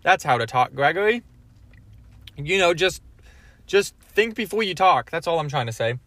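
A man's voice: a little high, animated, moderate pace, a bit bright, no room sound. A man hosting his own podcast alone, rambling from topic to topic in casual chat and swearing freely. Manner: scattered, jumps between topics, swears often. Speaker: podcast host.

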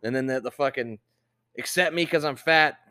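A young man hosting a casual podcast, swearing constantly and ranting with loud outbursts. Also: medium pitch, moderate pace. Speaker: podcast host.

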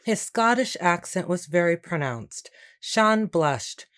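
A woman reads a storybook aloud in a calm, unhurried way. Her voice sits a little low and stays even from line to line. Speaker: audiobook narrator. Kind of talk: scripted storybook narration.

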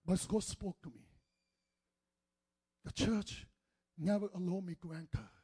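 A male preacher delivering an impassioned sermon, swinging between loud shouting and hushed, quiet speech. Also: high-pitched, measured pace, husky.

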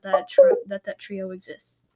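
A woman's voice: mid-range voice, huge pitch swings, measured pace, warm tone, husky. A young woman co-hosting a podcast, chatting playfully and cutting in with jokes. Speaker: podcast co-host. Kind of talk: casual chat.

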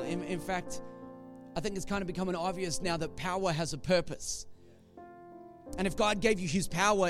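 A man preaching a sermon in a conversational, joking storytelling manner. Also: high voice.

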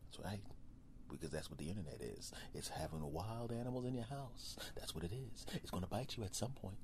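Animated man riffing on his podcast. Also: on the low side, a little fast, a little hiss or hum. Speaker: podcast host. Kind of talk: solo comedic podcast monologue.

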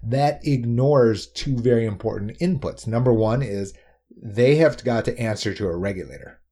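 A man explaining insurance pricing in a quick, emphatic talk, often tossing in rhetorical "right?" asides. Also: mid-range voice, dark tone.

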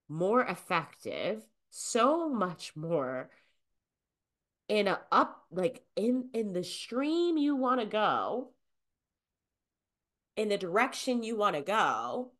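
A woman in her thirties hosting a self-help podcast, talking in a gentle, nurturing way. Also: medium pitch, very animated. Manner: gentle and nurturing, with unhurried soft emphasis. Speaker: podcast host.

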